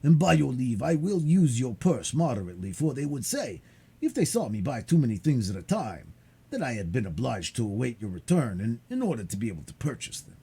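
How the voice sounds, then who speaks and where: Man voicing a frail old father, stammering, gentle, husky. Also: medium pitch, sing-song, exaggerated voice. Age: older. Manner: halting, stammering.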